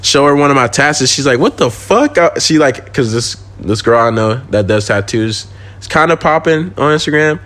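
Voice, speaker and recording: A man's voice: medium pitch, moderate pace, fairly bright tone. Young male guest, loose slangy storyteller, swears freely, mid-range voice. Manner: slangy, swearing, laughs while telling stories. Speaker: podcast guest. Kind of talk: casual storytelling.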